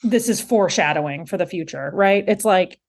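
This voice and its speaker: A woman's voice: lowish voice, animated, brisk. A woman co-hosting a podcast, reacting to a TV episode in gushing, chatty talk full of "like". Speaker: podcast co-host. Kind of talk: casual chat recapping a TV episode.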